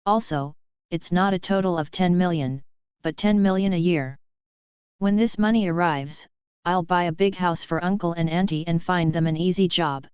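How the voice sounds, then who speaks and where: A woman reading the part of a calm, self-assured young man in an audiobook, speaking softly and evenly. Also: on the low side, clear, resonant tone, dry recording, close to an everyday voice. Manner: soft, even delivery.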